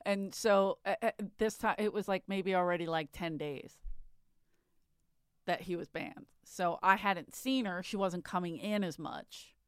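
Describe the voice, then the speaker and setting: A woman's voice: fairly low pitch, unhurried, clean tone, no echo. A woman co-hosting a casual chat, telling a story with frequent restarts and asides. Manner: chatty, laughs often, trails off and restarts. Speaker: podcast co-host.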